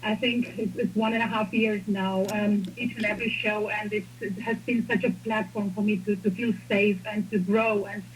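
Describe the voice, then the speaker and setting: A woman's voice: medium pitch, flat delivery, normal speed, hardly any pauses, a little hiss or hum, poor audio. A woman calling in to a radio show, talking hesitantly and gratefully with many restarts. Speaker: caller.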